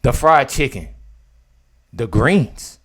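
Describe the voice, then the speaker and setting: A young man, commenting casually on a video clip. He is incredulous, swinging between loud outbursts and low mutters. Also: sing-song, slow.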